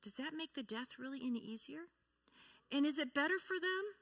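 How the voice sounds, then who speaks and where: A woman with a high, animated voice and a fairly bright tone speaks a little fast as she teaches a church congregation about feelings and grief. She often puts questions to the audience and acts out sample replies.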